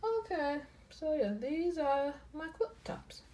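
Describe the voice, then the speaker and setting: A woman hosting a quilting vlog, casually showing her fabric pieces in a slow, rambling way and often repeating herself. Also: high voice, lively intonation, dark tone, slight background noise, poor audio. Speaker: quilting channel host. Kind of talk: casual show-and-tell vlog.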